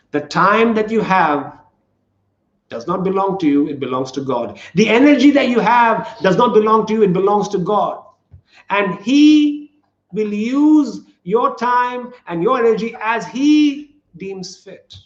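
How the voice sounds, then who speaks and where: A man preaching a sermon as pastor, earnest and repetitive, asking the congregation questions. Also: very high-pitched. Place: church sanctuary. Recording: echoey church room, dull lo-fi sound.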